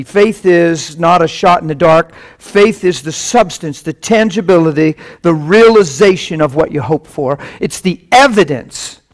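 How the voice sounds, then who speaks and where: Guy with a high voice preaching, repeats himself for emphasis, in a chapel. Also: low-quality recording. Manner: emphatic, repeats key phrases. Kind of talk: sermon.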